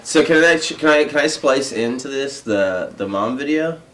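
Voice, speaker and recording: A man's voice: medium pitch, lively intonation, normal speed, fairly bright tone. A man hosting a podcast in casual chat, telling a story with mimicked voices and hearty laughs. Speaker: podcast host.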